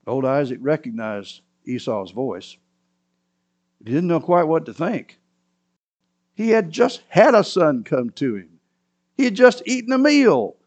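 A man delivering a sermon in a fairly high voice. He retells the story dramatically, dropping low and then rising to sudden cries. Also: big pitch swings, measured pace, pauses often, a little mellow. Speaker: preacher.

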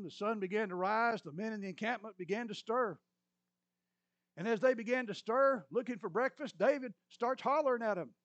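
A man with a high-pitched voice preaches, retelling a scripture story in a lively way and dropping in joking asides. The sound is dry, with no room echo, and a little dull and muffled. He paints each scene for his listeners. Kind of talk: sermon retelling a Bible story.

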